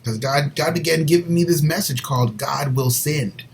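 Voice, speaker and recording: Guy talking about his faith, earnest, kinda rambly, slightly high voice, goes almost whispery sometimes. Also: moderate pace, vocal fry, a little hiss or hum, rough recording. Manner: earnest and rambling, drops soft near whispers. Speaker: co-host of a Christian faith show. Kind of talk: personal faith testimony, casual chat.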